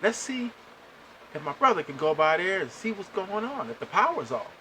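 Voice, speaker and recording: Animated, fed-up man telling a story. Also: high voice, moderate pace, slight background noise, low-quality recording. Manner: animated, exasperated, addresses listeners directly. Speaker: podcast host. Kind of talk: casual storytelling monologue.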